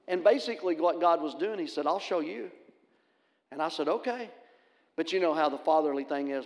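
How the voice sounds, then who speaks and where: A middle-aged male pastor, preaching a sermon in a folksy, animated storytelling manner and acting out the voices in his stories. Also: on the high side, a little fast. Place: church sanctuary. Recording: long hall reverb.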